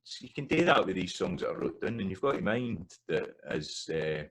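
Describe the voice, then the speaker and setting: Scottish male tutor, deep voice with a gravelly edge, thoughtful and halting, breaks into recited song lines. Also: big pitch swings, a bit bright, slight background noise, low-quality recording. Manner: thoughtful, halting explanation with many restarts and fillers. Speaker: language teacher. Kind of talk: educational explanation with sung and recited examples.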